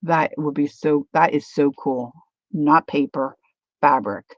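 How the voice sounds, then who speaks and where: A woman's voice: deep voice, fairly even intonation, slow, dry recording, muffled recording. A woman hosting a craft livestream, rambling chattily through a demo and answering viewer comments.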